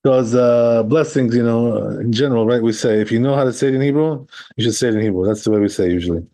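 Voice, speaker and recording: Rabbi teaching, mellow voice, keeps asking "right?". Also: male voice, medium pitch, fast talker. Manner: explains step by step, often checking with "right?"; reads Hebrew and Aramaic text, then translates. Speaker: rabbi teaching a text class. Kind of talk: conversational Torah class.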